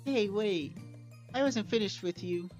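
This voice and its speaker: A man voicing a sweet, cheerful teenage girl who talks softly and eagerly. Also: sits high, measured pace, voice pushed up. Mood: playful. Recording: slightly dull with soft music.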